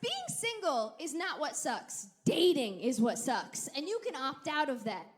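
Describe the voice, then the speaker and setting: A woman in her thirties performing a sarcastic, animated stand-up comedy set and working the crowd on a theater stage. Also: high voice, a little slow. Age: 30s. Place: large theater stage with audience. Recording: live theater recording with crowd laughter.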